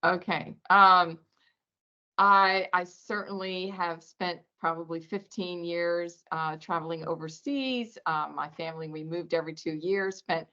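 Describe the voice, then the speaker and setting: A woman with a low but bright, forceful voice speaks hesitantly over a video call, pausing on fillers. The sound is muffled and lo-fi. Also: fairly even intonation. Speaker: workshop participant. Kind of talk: practice speech in a workshop. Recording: dull lo-fi video call audio.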